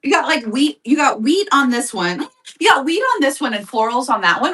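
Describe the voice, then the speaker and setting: Bright-voiced chatty woman hosting a live sale. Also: high voice, very animated, a little fast, recorded from a distance. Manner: chatty and upbeat, addresses viewers as y'all. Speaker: live shopping host. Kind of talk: casual live-stream sales chat.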